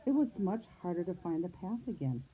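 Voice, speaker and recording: With a fairly low pitch and a slightly quick pace, this woman teacher tells a storybook to small kids with plenty of expression, slipping into different character voices. The sound is phone-like and lo-fi, with a bit of hiss or hum.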